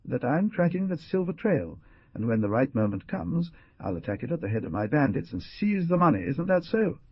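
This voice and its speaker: A man's voice: lowish voice, very animated, normal speed, breathy edge, dry recording, lo-fi sound, full character voice. A man voicing a fiery young outlaw chief. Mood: impassioned. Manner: passionate, indignant outbursts. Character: proud young male outlaw leader, fiery.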